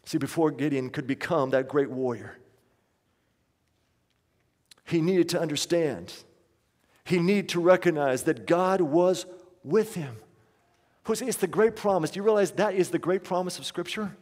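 A man's voice: fairly high pitch, unhurried, long pauses, darkish tone. A man preaching a sermon as pastor, emphatic and repeating key lines, leading the congregation in call-and-response. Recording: long reverb of a large hall.

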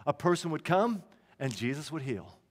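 A high-pitched man preaching a sermon, talking to the congregation conversationally with asides and restarts. His voice carries a long reverb through a church hall. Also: animated, normal speed. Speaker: pastor.

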